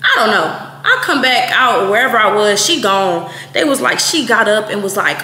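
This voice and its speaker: A woman in her twenties, from Texas, telling a story in a blunt, profane, animated way, quoting people as she goes. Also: medium pitch, normal speed, few pauses. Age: 20s. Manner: blunt, profane, animated retelling with quoted voices. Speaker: vlogger. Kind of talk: casual storytime. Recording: echoey room, faint noise.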